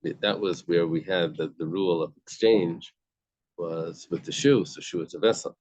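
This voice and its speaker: A man's voice: low-pitched, normal speed, a little mellow, dry recording. A man teaching a casual Talmud study class, explaining step by step with everyday examples and frequent restarts. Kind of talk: casual study-group lesson.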